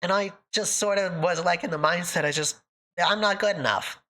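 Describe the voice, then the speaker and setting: Speaking at a moderate pace in a fairly low, fairly bright voice, a woman streamer thanks her live viewers during a casual chat. Between the thank-yous she laughs a lot, though she's emotional and nearly crying.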